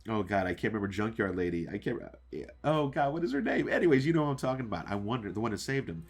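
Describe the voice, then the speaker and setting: A man's voice: lowish voice, lively intonation, fast talker. A man hosting his own channel, giving a casual, rambling episode review with many fillers and restarts, often asking his viewers questions. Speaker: show reviewer and channel host.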